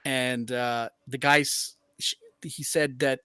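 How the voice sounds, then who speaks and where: A man's voice: mid-range voice, flat delivery, slow, pushed and bright, clean tone, no echo. A man hosting a live stream, chatting through a video with laughing, casual commentary. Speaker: stream host.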